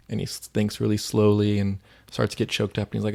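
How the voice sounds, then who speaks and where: A man's voice: on the low side, little pitch movement, fairly quick, creaky, few pauses. A man co-hosting a faith podcast, retelling stories in a rambling, casual way with lots of "like.". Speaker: podcast co-host.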